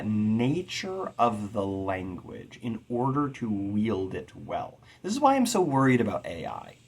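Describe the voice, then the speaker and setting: A man giving an earnest, expressive lecture on poetic meter, sounding out rhythms as he teaches. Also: lowish voice, unhurried, creaky, hardly any pauses, breathy edge. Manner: earnest and expressive, tapping out rhythms with spoken syllables. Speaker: poetry teacher.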